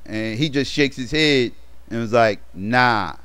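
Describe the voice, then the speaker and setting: A man recaps a movie in a loose, rambling way, full of fillers and slang. His voice is smooth and clean at a middling pitch. The sound is dry, with no room around it. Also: measured pace, fairly bright tone, no echo. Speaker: movie reviewer. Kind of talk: casual movie plot recap.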